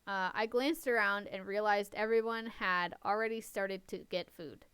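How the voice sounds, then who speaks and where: A woman's voice: mid-range voice, fairly even intonation, moderate pace, fairly bright tone, clean tone, dry recording. A woman reading a story aloud in a casual way, often breaking off to laugh and make chatty asides. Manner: giggly, chatty asides between passages. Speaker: reader and co-host.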